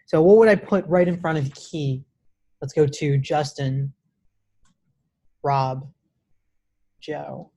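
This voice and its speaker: A man's voice: on the high side, steady tone, takes it slowly, gravelly, pauses often, mellow. Casual male coding teacher. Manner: casual, many restarts, says "right?" often. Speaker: coding instructor. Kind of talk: live classroom lecture. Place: classroom.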